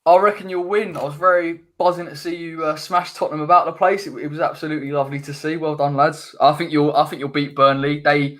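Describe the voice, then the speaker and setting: A man joins a casual football panel in a laid-back mood, laughing and bantering in a friendly way. His voice sits a little higher than most men's. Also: fairly even intonation, quick pace, hardly any pauses, a bit bright. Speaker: panel guest.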